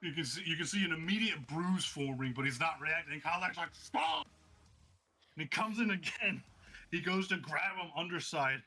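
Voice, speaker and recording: A man narrating a tabletop game as game master, excitable and vivid, like play-by-play. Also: fairly high pitch, fairly quick.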